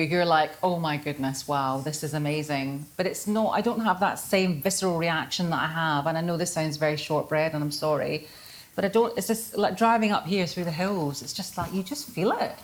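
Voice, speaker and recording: A middle-aged Scottish woman, an author speaking at a live book festival in a chatty, self-deprecating way, laughing often. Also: mid-range voice. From Scotland. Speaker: author guest. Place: festival venue before an audience.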